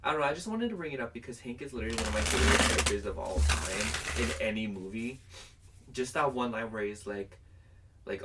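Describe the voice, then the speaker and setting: A man's voice: lowish voice, expressive, fast talker, recorded from a distance, heavy background noise. A young man chatting casually through a pick-a-card tarot reading to camera, rambling and filling his talk with "like". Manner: chatty and rambling, heavy use of "like". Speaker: tarot reader.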